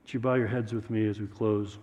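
A man's voice: on the low side, fairly even intonation, a little fast, a little mellow. A man preaching a sermon as a pastor, in a conversational, joking storytelling manner. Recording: echoey hall.

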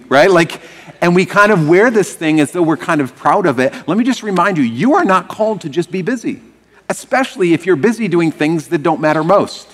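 A male pastor preaching with a lively, swooping delivery and a voice pitched a little above the usual. He is animated and draws the congregation into call and response. The sound rings with the long reverb of a church hall. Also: brisk. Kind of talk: sermon.

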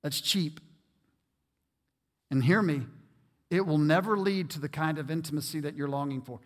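A man preaching a sermon as pastor, earnest and emphatic, often repeating words as he works toward a point. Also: fairly high pitch. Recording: long reverb of a large hall.

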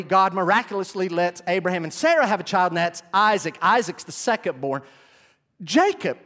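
A man, preaching an animated sermon and speaking directly to his congregation. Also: high-pitched. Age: 40s. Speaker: pastor.

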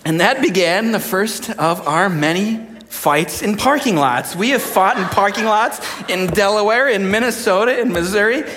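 Animated storytelling pastor, high voice, hall reverb. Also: male voice, moderate pace, few pauses, background noise. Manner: animated storyteller, jokey, acts out quotes. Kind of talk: sermon with humorous stories.

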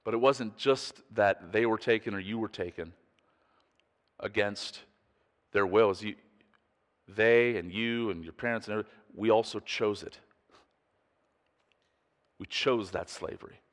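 Male pastor, low voice, earnest emphatic sermon, long hall echo. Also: a little slow, pauses often. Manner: earnest, emphatic preaching with pointed questions.

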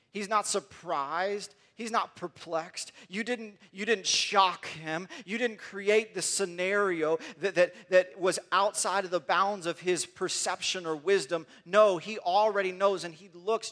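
A man's voice: high voice, fairly bright tone. A man preaching a sermon in an earnest way, often repeating words as he builds toward a point.

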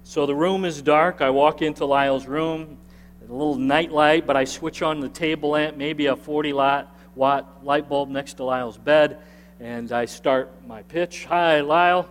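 A man in the pulpit tells a story from his ministry, earnest and emphatic, pushing his voice higher at the points he wants to land. His voice sits a touch high for a man. The sound carries the long reverb of a church sanctuary. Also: steady tone, measured pace. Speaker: pastor. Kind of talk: sermon storytelling. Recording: long reverb of a large hall.

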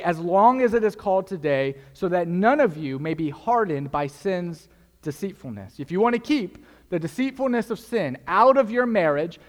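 A young man delivers a sermon as pastor, speaking earnestly and emphatically. He repeats his key phrases for effect, and his fairly high voice rings out with a long reverb through a large church hall.

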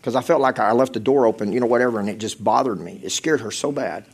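A male pastor preaching a sermon, swinging from loud exhortation to hushed, intense storytelling. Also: medium pitch, quick pace, breathy edge.

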